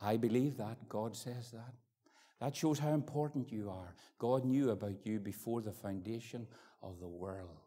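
A Northern Irish man in his fifties preaching an evangelistic sermon, swinging from ringing pleas to hushed near-whispers. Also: fairly low pitch, normal speed, breathy edge. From Northern Ireland. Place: church hall. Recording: echoey hall with long reverb.

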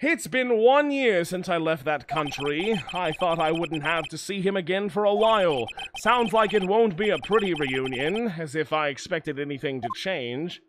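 A man's voice: a little high, expressive, normal speed, hardly any pauses, background noise, voice pushed down, close to an everyday voice. A man voicing a cool, haughty young prosecutor who speaks in a dry, weary way. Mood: aloof.

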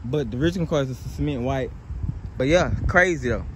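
A young man with a Southern US accent, chatting loosely and excitedly as he walks viewers around cars outdoors on a hot day, filmed on a handheld phone. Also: mid-range voice, a little fast, background noise. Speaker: car vlogger. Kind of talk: casual walkaround car vlog.

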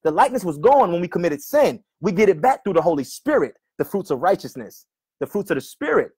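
A male preacher arguing with a commenter online, often calling him brother and reading scripture slowly and repeatedly. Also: high-pitched, big pitch swings, darkish tone, slightly rough. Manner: argumentative, keeps addressing "brother", reads verses slowly and repeats them.

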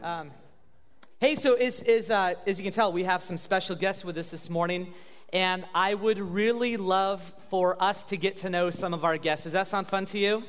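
Pastor, male, high-pitched, jokey interviewer with lots of fillers; reverberant church hall. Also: a bit bright. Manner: upbeat, joking, halting with fillers. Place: church sanctuary.

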